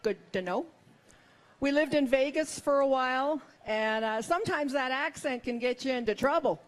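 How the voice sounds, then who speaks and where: A woman's voice: high voice, moderate pace. A middle-aged woman performing a stand-up comedy set, with wry, self-mocking punchlines.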